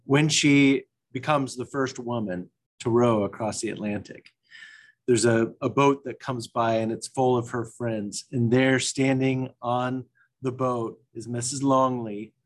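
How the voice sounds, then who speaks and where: A man co-hosting a talk show, reflecting in a loose, halting way with restarts. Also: medium pitch, steady tone. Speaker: co-host. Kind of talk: casual chat.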